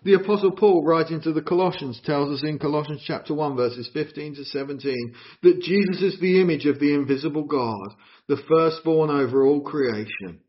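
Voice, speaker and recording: A man preaching a sermon in an earnest, expressive way, asking his listeners questions. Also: fairly high pitch, moderate pace. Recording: dull lo-fi recording.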